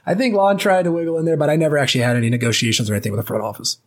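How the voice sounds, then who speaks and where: A man's voice: mid-range voice, racing, hardly any pauses. Chatty man in his late twenties. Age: late 20s. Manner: loose, chatty, many fillers and restarts. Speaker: former ballplayer guest. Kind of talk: casual storytelling.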